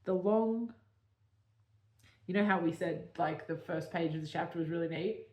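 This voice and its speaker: A woman's voice: on the low side, normal speed, mellow, echoey room. A woman co-hosting a podcast, reading her own novel aloud and breaking off to joke about it. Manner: giggly, self-mocking. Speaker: podcast co-host and author.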